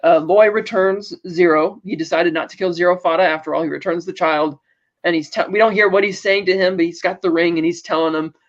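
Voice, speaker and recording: This podcast co-host has a high-sitting voice with fairly even intonation and a brisk pace, and the recording's highs are cut off. He retells a TV episode loosely, summing up what characters say with "blah, blah, blah."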